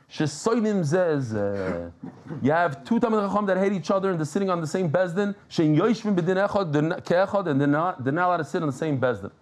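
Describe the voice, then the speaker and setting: A man teaching a live Talmud class in a casual, animated way, joking with the room and restarting his sentences as he explains. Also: fairly high pitch.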